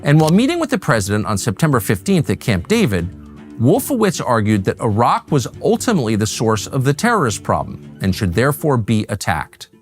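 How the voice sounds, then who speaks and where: A man giving scripted documentary narration in a measured, pointed delivery. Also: mid-range voice, huge pitch swings, faint music behind.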